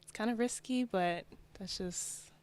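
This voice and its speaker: A young woman from New Jersey, a fashion designer guest, chatting in a relaxed, laid-back way. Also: mid-range voice, unhurried, clean tone. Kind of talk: casual interview.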